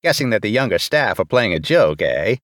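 A man's voice: on the low side, sing-song, brisk, fairly bright tone, no echo. A man voicing a distractible older male rear admiral who rambles off topic, in a dry recording. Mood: rambling.

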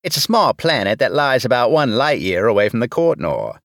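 A man's voice: medium pitch, sing-song, moderate pace, a bit bright, dry recording. A man voicing a distractible older male rear admiral who rambles off topic, in a dry recording. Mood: rambling.

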